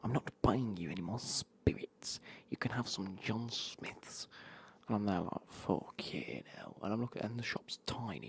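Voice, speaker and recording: Man streaming games, whispered ASMR, rambling and sweary, mid-pitched and gravelly. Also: darkish tone. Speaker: gaming streamer.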